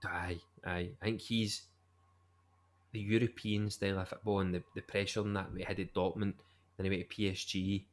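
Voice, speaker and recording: A man's voice: low-pitched, flat delivery, normal speed. A Scottish man co-hosting a podcast, joking and swearing casually. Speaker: podcast co-host. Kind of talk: casual chat.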